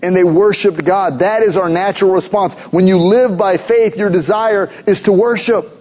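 A pastor preaching a sermon in an earnest, emphatic way, driving points home through repetition. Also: male voice, high-pitched, fairly even intonation, moderate pace, darkish tone, lo-fi sound.

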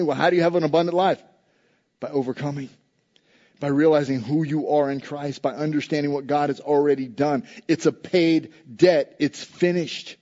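A pastor preaching a sermon in an emphatic, repetitive cadence. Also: male voice, a little high, steady tone, moderate pace, dark tone, lo-fi sound.

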